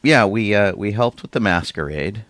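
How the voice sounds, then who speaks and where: Man, podcast co-host, very low voice, dry close sound, loose rambling chat. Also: expressive, normal speed, a bit bright, no room sound. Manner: rambling, trails off mid-sentence. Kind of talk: casual chat.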